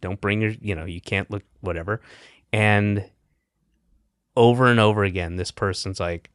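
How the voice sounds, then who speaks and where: Man, middle-aged, podcast host, deep-ish voice, dry self-deprecating ramble. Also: fairly even intonation, normal speed, clean tone, no echo. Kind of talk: casual comedic chat.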